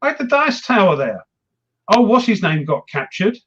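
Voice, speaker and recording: A man with a fairly high voice chats casually about wargames, rambling and poking fun at himself. His audio comes through dull and lo-fi, like a home stream setup. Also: big pitch swings, normal speed, a bit bright, breathy edge. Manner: rambling, self-mocking, laughs often. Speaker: wargaming show host. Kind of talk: casual chat.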